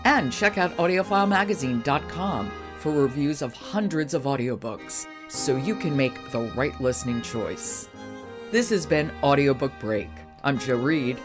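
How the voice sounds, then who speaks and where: Woman, podcast host, brisk announcing, mid pitch, clear music behind. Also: expressive. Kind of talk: scripted podcast outro.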